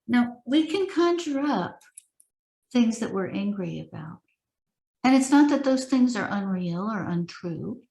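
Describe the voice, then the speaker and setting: Woman meditation teacher, unhurried reading with spaces between lines, roomy echo. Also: fairly high pitch, sing-song, vocal fry, warm tone. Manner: slow, measured recitation with long pauses. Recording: echoey room.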